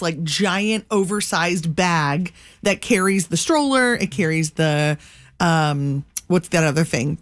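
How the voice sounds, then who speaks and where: A woman co-hosting a morning radio show, telling a story in an animated way. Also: fairly low pitch, dry recording. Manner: animated storytelling, laughing, acting out voices. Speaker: radio co-host. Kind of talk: casual morning radio banter.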